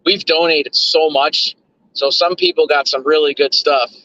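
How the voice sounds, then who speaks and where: A man's voice: a little high, steady tone, a little slow, sharp tone, muffled recording, slight background noise. A man chatting loosely to his stream chat while driving, repeating words and drifting between thoughts. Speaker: livestream host. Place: in a car.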